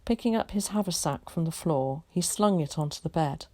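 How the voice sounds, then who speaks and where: A teacher reading a children's novel aloud, calm and measured. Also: female voice, sits low. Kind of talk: storybook read-aloud.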